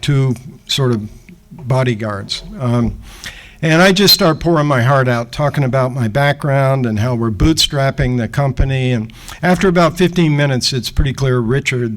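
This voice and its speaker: A man in his sixties at the lectern, spinning a story with an everyday, mid-pitched voice. He tells it in a lively way and slips into the voices of the people he describes. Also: low-quality recording. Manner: animated anecdote telling, acting out the people in the story. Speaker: guest speaker. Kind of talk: storytelling lecture.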